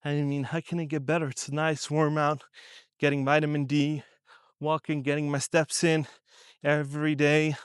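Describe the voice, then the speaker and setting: A man vlogging while out walking on a sunny day, giving blunt, rambling money advice in a casual, animated way. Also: a little high, normal speed, clear, resonant tone, no echo, clean studio sound. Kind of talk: casual talking-head vlog. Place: outdoors on a warm sunny day.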